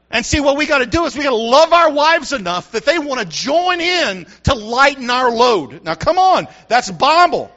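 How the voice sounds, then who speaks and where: A man's voice: extremely high pitch, very animated, normal speed, bright, forceful tone. A middle-aged man, a pastor, preaching a sermon with call-and-response asides to the congregation. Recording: dull lo-fi sound.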